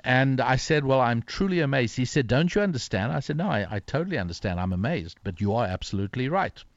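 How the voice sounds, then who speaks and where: An older man, an author being interviewed, telling a story reflectively with pauses and restarts. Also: medium pitch, expressive, no room sound, lo-fi sound. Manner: reflective, many fillers and restarts. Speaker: author and guest.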